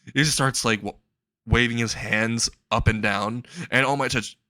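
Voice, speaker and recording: Man, casual comedic storytelling, crude and rambling, mid pitch, dry close sound. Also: steady tone, normal speed, sharp tone, no room sound.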